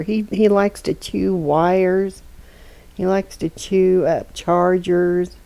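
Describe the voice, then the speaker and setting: A woman streaming from her home desk, talking slowly and softly to her cat in baby talk. Her voice sits low with a gravelly fry and a dark, mellow tone. She speaks into a desk microphone. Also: low-quality recording. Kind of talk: casual chat with her cat while gaming.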